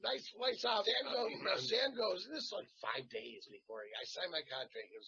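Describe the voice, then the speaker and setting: A man telling a long, casual story as a guest actor, animated and peppered with swearing. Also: fairly high pitch, moderate pace, few pauses, a crowd in the background. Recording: dull lo-fi sound.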